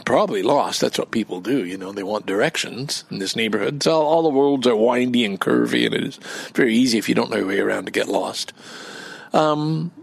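A man with a gravelly, husky voice talks off the cuff outdoors in a park. His pitch swings widely as he rambles, curses and turns indignant. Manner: rambling and profane, flaring up when indignant. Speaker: vlogger. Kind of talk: casual rambling monologue.

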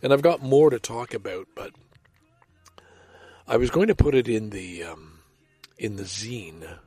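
With a mid-range, dark voice edged with breathiness, a vlogger speaks at a measured pace, rambling eagerly about his books and cutting himself off mid-thought. He reads poems aloud expressively, and there is no echo on the recording.

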